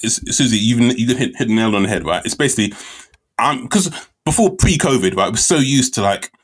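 A man's voice: medium pitch, animated, a little fast. A man co-hosting a podcast, telling stories in casual chat, joking and swearing often. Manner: swearing, joking, laughing storyteller. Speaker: podcast co-host.

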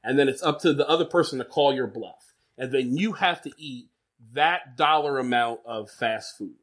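A man co-hosting a casual podcast chat, animated and swearing, laughing often. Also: medium pitch, moderate pace. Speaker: podcast co-host.

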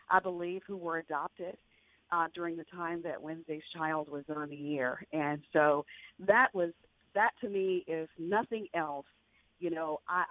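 An older woman, a veteran journalist, telling an emotional personal story as a radio guest, with earnest restarts. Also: on the low side. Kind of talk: heartfelt interview storytelling. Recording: tinny phone-like radio line.

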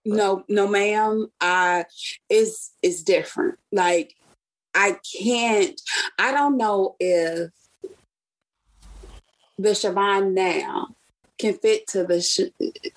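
A woman's voice: medium pitch, drawn-out words, pauses often. A young woman from Chicago casually telling a personal story, acting out the voices of the people she quotes. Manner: animated storyteller who acts out quoted speech. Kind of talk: casual chat.

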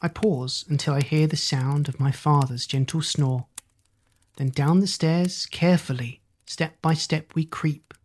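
A storyteller reading rhyming children's stories in a measured, sing-song way. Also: medium pitch, fairly even intonation, a little mellow.

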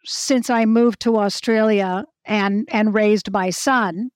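A woman in her sixties, a guest telling animated stories with frequent restarts. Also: mid-range voice, takes it slowly, no room sound, clean studio sound. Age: 60s. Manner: animated storyteller, restarts often. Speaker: actress and guest. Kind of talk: casual interview talk.

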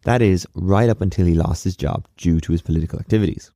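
A man hosts a history podcast in a low, mellow voice, and the recording is close and completely dry. He reads from a script but keeps it casual and wry, dropping in sarcastic asides. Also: fast talker, no room sound. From Ireland.

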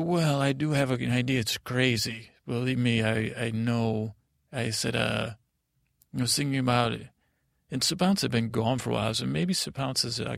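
A man plays a naive young prince telling his story in improvised comedy, halting and full of restarts. His voice is heavily gravelly. The sound is dry and close. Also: mid-range voice, no room sound. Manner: halting, rambling, with many restarts and fillers. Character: naive boy prince Tommen narrating. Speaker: comedic narrator in character.

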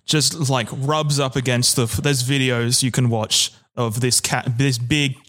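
A man's voice: mid-range voice, fairly even intonation, unhurried, fairly bright tone. A young man on a casual podcast, spinning a story in a dry, meandering way. He stumbles and restarts mid-sentence, then keeps going with easy self-mocking humor. His voice sits in a middle register. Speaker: podcast co-host.

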